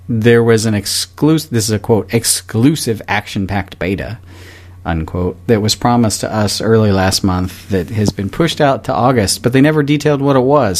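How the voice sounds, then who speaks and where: A man's voice: medium pitch, a little mellow. A man co-hosting a casual gaming podcast, reading news items aloud with offhand asides.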